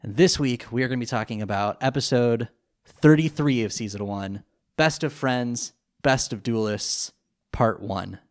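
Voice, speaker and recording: A man co-hosting a casual podcast from his living room, chatty and quick to laugh, on a computer mic over a video call. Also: medium pitch. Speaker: podcast co-host. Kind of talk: casual chat.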